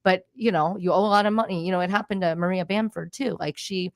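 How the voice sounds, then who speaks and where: A female comedian guest talks fast and frankly on a radio show. Her voice sits fairly low, and the studio sound is dry and close. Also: fairly even intonation, no room sound. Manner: quick, frank and talkative. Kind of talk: casual studio chat.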